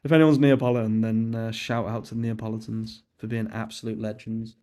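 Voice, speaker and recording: A man's voice: lowish voice, level tone, fairly quick, warm tone. A young man chatting casually on a live stream while coding, reading chat aloud, laughing and swearing now and then. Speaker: livestream host.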